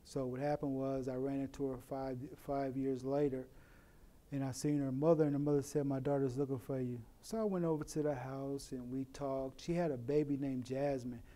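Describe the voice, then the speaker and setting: Middle-aged guy from oakland telling his story, super dark mellow tone, lots of "you know". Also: medium pitch, flat delivery. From Oakland, California. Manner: plain, unhurried storytelling with many "you know" asides. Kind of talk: personal story told to camera. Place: in prison.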